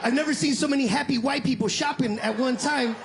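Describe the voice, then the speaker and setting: A man telling a story on stage as a stand-up comedian, animated, acting out the voices of other people and swearing casually. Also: extremely high pitch, quick pace, some chatter behind, a little hiss or hum.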